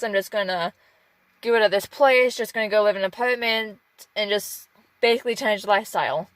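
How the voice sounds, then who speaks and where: Emotional halting woman in a car. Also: a little high, a bit bright, no room sound, low-quality recording. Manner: emotional, halting, rambling and heartfelt. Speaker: off-grid dog musher vlogger. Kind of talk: candid personal vlog. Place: inside a parked car.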